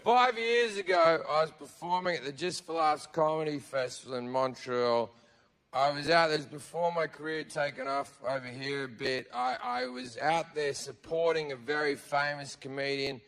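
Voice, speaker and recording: An Australian man performing profane stand-up comedy, telling stories loudly on a big theatre stage. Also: on the high side, moderate pace, in a large hall. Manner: loud, profane storytelling with frequent shouting.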